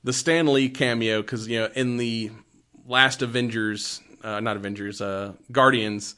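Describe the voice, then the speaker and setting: A man's voice: mid-range voice, fairly even intonation, unhurried, sharp tone, clear, resonant tone. A man co-hosting a casual podcast about films. He retells scenes with lots of energy and laughs often as he goes. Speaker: podcast co-host. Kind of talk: casual movie review chat.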